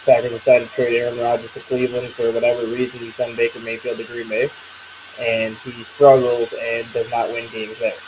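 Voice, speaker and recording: A man on a sports talk panel, calmly laying out his argument step by step. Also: medium pitch. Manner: measured, lays out scenarios step by step. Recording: noisy background.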